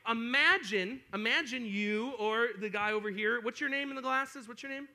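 A young man gives a lively youth sermon to students. His voice is high and bright, and he acts out complaining kids as he talks. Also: normal speed. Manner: animated, acts out whiny kids. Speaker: youth pastor.

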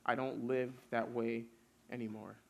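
A man's voice: medium pitch, level tone, a little slow, creaky, a little mellow. A young man preaching a casual youth sermon, telling stories and building lists with rising force.

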